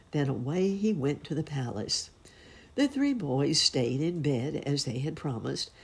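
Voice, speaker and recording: Low, gravelly woman reading a fairy tale. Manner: expressive and unhurried. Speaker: storyteller. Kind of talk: storybook reading.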